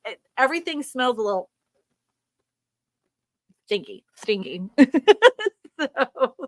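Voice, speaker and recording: Woman host on a live stream, bright punchy voice, kinda high, rants and laughs a lot, dry close sound. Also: lively intonation, no room sound. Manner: emphatic, ranting, quick to laugh. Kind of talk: live-stream Q&A reading viewer comments.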